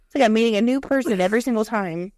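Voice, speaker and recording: A woman co-hosting a podcast, telling animated, profane stories in casual chat. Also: on the high side, very fast, no room sound. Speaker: podcast co-host.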